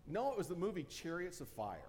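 A man's voice: high-pitched, big pitch swings, fast, a little mellow, in a large hall. A man preaching a casual, joking sermon in a church, with frequent fillers and restarts. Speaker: pastor. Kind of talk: conversational sermon. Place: church sanctuary.

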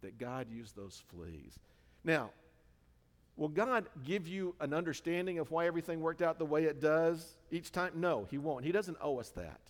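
A man's voice: fairly high pitch, expressive, normal speed. A man delivering a sermon in a conversational, informal way, full of fillers and self-corrections. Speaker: preacher. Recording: reverberant hall.

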